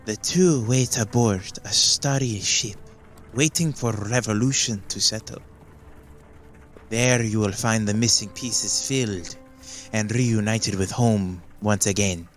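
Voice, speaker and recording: A man voicing a slow, cryptic gnome fortune teller woman. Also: fairly low pitch, faint music behind, close to an everyday voice. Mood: mystic. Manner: slow, stiff speech without contractions. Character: gnomish woman palm reader, cryptic and formal.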